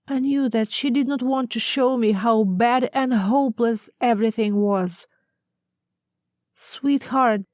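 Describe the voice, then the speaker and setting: A woman reads her own memoir aloud in a slow, deliberate audiobook narration. Her voice sits fairly high and carries an intimate, emotional weight. The recording is dry and close, with no room around it. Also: darkish tone, no room sound. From Russia.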